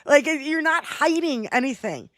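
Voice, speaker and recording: Profane high-pitched woman ranting. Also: expressive, normal speed, a bit bright, no room sound, studio quality. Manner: profane, mocking, emphatic. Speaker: co-host. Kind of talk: heated political livestream chat.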